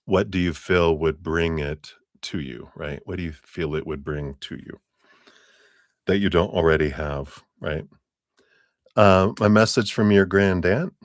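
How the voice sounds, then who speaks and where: Deep-voiced chatty tarot reader man. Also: measured pace, dry recording, clean studio sound. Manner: chatty, laughs often, many "you know" fillers. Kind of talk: live-stream tarot reading.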